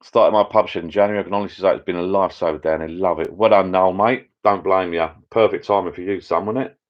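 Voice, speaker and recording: A middle-aged man hosting a casual live chat with viewers from his backyard pub shed, rambling and getting easily excited. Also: low-pitched, quick pace. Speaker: channel host. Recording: dull lo-fi sound.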